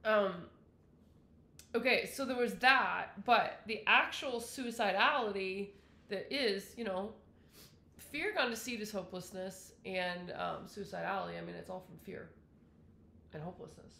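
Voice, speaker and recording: A woman's voice: medium pitch, measured pace, creaky, pushed and bright, a little hiss or hum. A woman telling her own illness story in a candid personal monologue, rambling, with many fillers and self-corrections. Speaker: wellness vlogger sharing her illness story. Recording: roomy echo.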